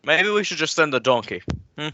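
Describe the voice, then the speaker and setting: A man playing a tabletop game with friends, making wry, deadpan jokes. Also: a little high, fairly quick. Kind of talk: casual chat in character. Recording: muffled lo-fi audio.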